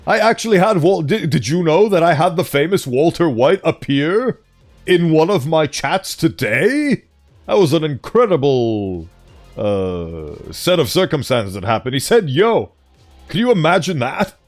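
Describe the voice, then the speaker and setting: A man's voice: fairly high pitch, very animated, unhurried. A man streaming a casual reading of horror articles, breaking off into playful, joking asides. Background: faint background music.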